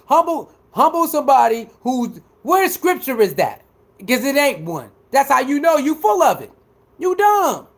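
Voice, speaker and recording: A man doing casual livestream commentary, talking back to his viewers in an animated, emphatic way. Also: very high-pitched. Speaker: livestreamer reacting to chat.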